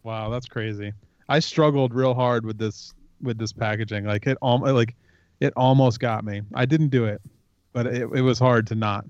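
A man's voice: medium pitch, fairly even intonation, moderate pace, darkish tone, dry recording, dull audio. A man co-hosting a casual podcast, teasing the others with jokes. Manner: teasing, jokey. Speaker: podcast co-host. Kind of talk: casual chat.

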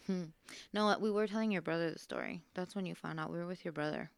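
Teasing woman with a low, smooth voice. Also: quick pace, dry recording. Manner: laughing, correcting, teasing. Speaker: podcast co-host. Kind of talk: casual banter with her husband.

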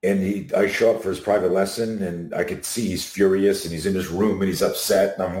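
A middle-aged man, a self-defense instructor guesting on a video call, telling animated stories and acting out the people he quotes. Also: deep voice, a little fast, slight background noise. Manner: animated anecdotes, acts out quotes. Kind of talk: storytelling in an interview. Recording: echoey room.

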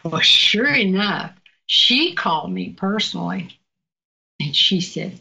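A woman's voice: lowish voice, takes it slowly, vocal fry, pushed and bright, muffled recording, slight background noise. An older woman from Virginia with a Southern accent, telling stories in a casual interview, outspoken and laughing often. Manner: outspoken, laughing, folksy storytelling. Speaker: guest.

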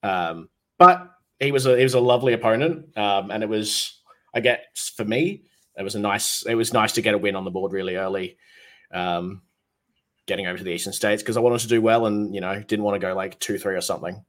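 An easygoing man co-hosts a tabletop gaming podcast. His voice sits a bit low, and he recaps each game at a relaxed pace with frequent fillers. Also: brisk. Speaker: podcast co-host. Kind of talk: casual gaming chat.

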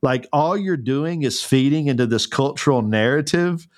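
A man's voice: mid-range voice, normal speed, no echo, clean studio sound. A man co-hosting a podcast, talking earnestly and fervently, with many restarts and fillers. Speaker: podcast co-host. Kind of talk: casual conversational podcast.

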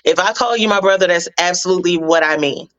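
A middle-aged woman from Philadelphia, a gospel singer and actress, speaking as a guest in a playful, expressive, teasing way. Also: fairly low pitch, fast talker, a crowd in the background. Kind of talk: casual chat.

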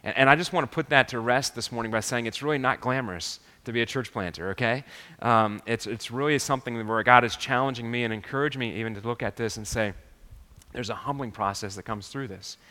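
A man preaching a sermon as pastor, earnest and halting, often restarting his sentences. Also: mid-range voice, pushed and bright, big-room sound.

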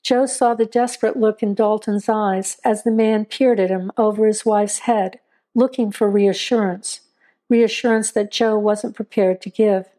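Mellow woman narrating an audio story. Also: mid-range voice. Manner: measured, atmospheric storytelling. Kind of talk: scripted narration.

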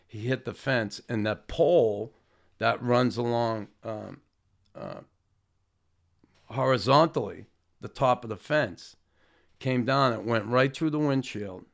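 A man with a low, gravelly voice tells old stories in a rambling, halting way. He restarts his sentences often and swears without a second thought. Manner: swears casually, self-deprecating. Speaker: former hockey player telling stories. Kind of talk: casual storytelling.

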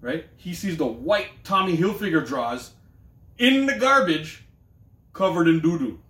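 A man, co-hosting a podcast and telling a long story in a loose, profane, animated way. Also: a little high, a little slow. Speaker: podcast co-host. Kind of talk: casual storytelling chat. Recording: echoey room.

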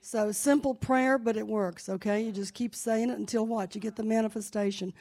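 Her mid-range, darkish voice stays steady but moves fairly quickly as she leads a service in a sanctuary. The church leader's conversational sermon with testimony relays family news through anecdotes, then rises into fervent prayer.

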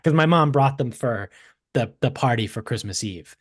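A man's voice: mid-range voice, moderate pace, no echo. A man about thirty with a Boston accent chats on a podcast, riffing loosely and swearing freely. His voice sits in a middle register. The recording is dry and close. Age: 30s. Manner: animated, swearing storyteller. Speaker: podcast co-host. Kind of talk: casual chat.

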